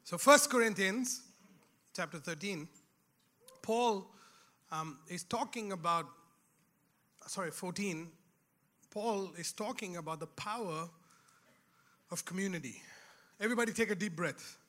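A man's voice: sits high, unhurried, long pauses, sharp tone. A man preaching a sermon in a church, in a conversational way with laughing asides, rising to emphatic exhortation. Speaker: pastor.

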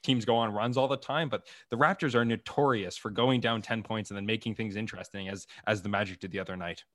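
A young man, a sports reporter guest talking through his gripes in a measured, matter-of-fact way. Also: on the low side, steady tone, fairly bright tone, dry recording, clean studio sound. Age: young adult. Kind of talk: casual sports chat.

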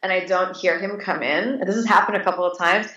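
A woman's voice: fairly low pitch, steady tone, quick pace, bright, forceful tone, muffled recording. A woman in her late thirties, an interview guest telling stories casually and animatedly, with many restarts and fillers. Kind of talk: casual conversational storytelling. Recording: echoey room.

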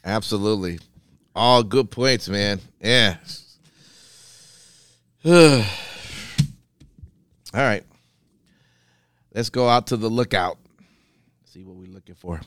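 A man's voice: on the low side, takes it slowly, long pauses, a bit bright. A man hosting a podcast, laid-back and agreeable, steering the show between segments. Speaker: podcast host.

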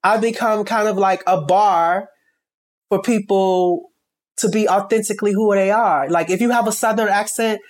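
Interview guest: a stylist from Chicago with a Chicago accent, emphatic and rambling. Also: male voice, sits high, fairly even intonation, moderate pace. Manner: emphatic, rambling with many restarts. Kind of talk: candid interview talk.

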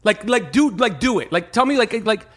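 A man's voice: sits high, lively intonation, normal speed, a bit bright. A man hosting a podcast, needling his guest in a brash, profane, interrogating way. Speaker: podcast host. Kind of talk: casual podcast chat.

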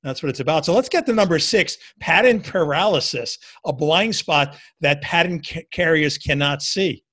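A man's voice: on the high side, expressive, normal speed, hardly any pauses, a bit bright. Enthusiastic man leading an interview. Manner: enthusiastic, affirming, leading the questions. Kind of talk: interview conversation.

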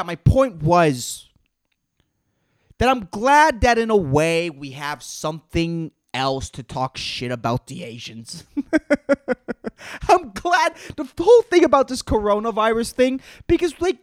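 A man's voice: high voice, dry recording, clean studio sound. A man, a stand-up comedian hosting his own podcast, rambling profanely with plenty of fillers. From Puerto Rico. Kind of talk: rambling solo podcast talk.

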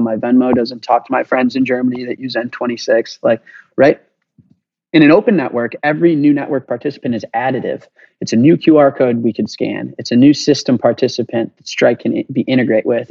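A man speaks with fast-flowing passion as a podcast guest, casually dropping swear words. The recording is dry and dull, with a slightly lo-fi muffled tone. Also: medium pitch, a little mellow, dry recording. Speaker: guest, payments company founder. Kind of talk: energetic podcast interview.

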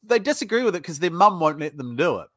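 A man's voice: fairly high pitch, sing-song, fast talker, fairly bright tone, no echo, studio quality. A man with a British accent, a sales trainer telling stories bluntly in a casual interview, swearing freely. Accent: British English.

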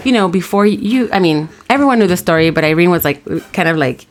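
A woman's voice: on the low side, expressive, quick pace. A woman in her thirties, co-hosting a casual podcast and rambling through a story, acting out both sides. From Latin American heritage. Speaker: podcast co-host. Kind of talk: casual chat.

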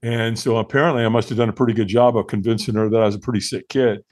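A man in his sixties from the United States, a podcast guest telling his own story in an earnest, animated way with frequent fillers and restarts. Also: lowish voice, rapid-fire. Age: 60s. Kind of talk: conversational storytelling interview.

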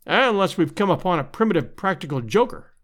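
A man's voice: high voice, big pitch swings, a little fast, a bit bright. A man voicing a sour, skeptical older professor who grumbles, in a storybook reading.

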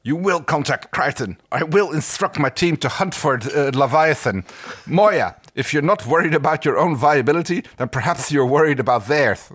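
A man's voice: fairly high pitch, expressive, normal speed, hardly any pauses, a bit bright, slightly rough, no room sound, pitched above the performer's own voice. Guy doing stiff bossy alien officer, kinda pompous, dry sound. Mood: threatening. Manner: pompous, clipped. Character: stiff self-important male military officer.

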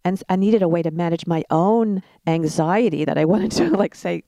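A woman's voice: on the low side, moderate pace, no room sound. A middle-aged woman telling parenting stories in a casual chat, laughing now and then. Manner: warm storytelling with laughs.

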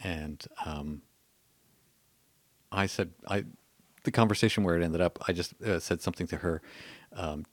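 A Canadian man in his thirties tells a story as a podcast guest, full of ums and restarts. His voice sits low, and he pokes fun at himself as he goes. The sound is close and dry. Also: normal speed, no echo. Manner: hesitant, self-mocking. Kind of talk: casual storytelling.

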